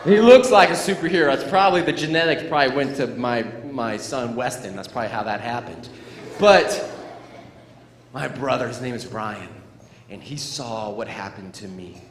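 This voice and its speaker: A middle-aged man giving a playful, animated storytelling speech to students as a motivational speaker, in a large school hall. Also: mid-range voice, normal speed. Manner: animated, playful, acts out sound effects. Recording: echoey hall with faint room noise.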